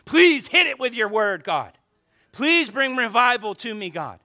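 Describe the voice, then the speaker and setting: A male pastor preaching a lively sermon, joking with the congregation and reading scripture aloud. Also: very high voice, a little slow. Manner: animated preaching with asides and jokes to the congregation.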